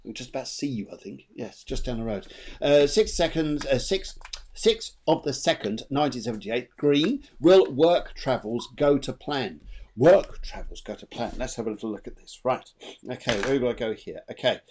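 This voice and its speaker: A man's voice: mid-range voice, normal speed, a little hiss or hum. Guy doing live psychic readings on a stream, voice all over the place, chatty, repeats stuff. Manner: animated, chatty, trails off and repeats himself. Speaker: medium and co-host. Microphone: video call.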